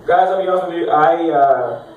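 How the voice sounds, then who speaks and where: A young stand-up comic rambles through a profane, self-mocking set, his voice pitched fairly high. He sounds set back from the mic in a very echoey club with faint noise underneath. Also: a little fast, recorded from a distance, phone-quality sound. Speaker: stand-up comedian. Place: comedy club stage.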